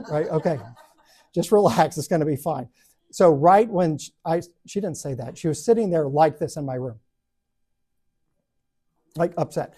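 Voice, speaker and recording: A man teaching a Bible study group, telling a classroom story with lots of energy and acting out the voices of the people in it. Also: a little high. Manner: animated, acts out voices and laughs at own stories.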